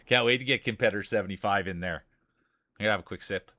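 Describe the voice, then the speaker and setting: A man's voice: on the low side, fast talker, bright, forceful tone. A man with a Canadian accent, streaming and calling a marble race in a playful, hyped sportscaster manner. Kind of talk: mock race commentary.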